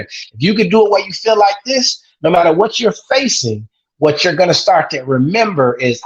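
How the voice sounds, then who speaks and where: A man's voice: a little high, animated, normal speed, echoey room, dull audio. A man, a father of two daughters, talking earnestly as a podcast guest and acting out the call-and-response phrases he repeats with his kids. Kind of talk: casual interview talk.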